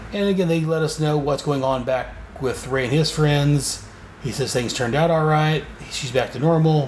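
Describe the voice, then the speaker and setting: A man's voice: medium pitch, a little hiss or hum. A man hosting a podcast, rambling through a casual comic book recap. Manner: rambling, with fillers and restarts. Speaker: podcast host. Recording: echoey room, faint ambience.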